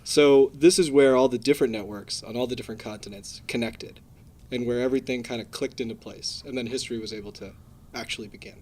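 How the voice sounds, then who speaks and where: A young man co-hosting a casual podcast, explaining in a relaxed, easygoing way. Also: medium pitch, fast. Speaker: podcast co-host.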